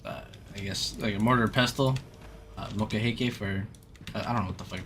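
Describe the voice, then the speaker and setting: Bright-voiced casual man, animated and profane. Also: fairly low pitch, a little fast, slight background noise. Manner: animated, profane, acts out people mid-story. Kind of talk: casual chat.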